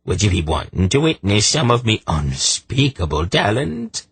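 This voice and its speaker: A man's voice: lowish voice, big pitch swings, normal speed, slightly rough, no echo, voice pushed up, heavily acted. A man voicing a short, gaudy male juggler who boasts in a flowery, theatrical way with a lilting brogue. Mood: ingratiating.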